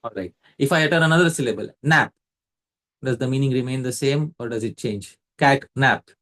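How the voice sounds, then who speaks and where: A man's voice: mid-range voice, fairly quick, fairly bright tone. A man leads a scripture class, explaining step by step and quizzing a student by name. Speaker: facilitator teaching a scripture class. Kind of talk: explanatory lecture.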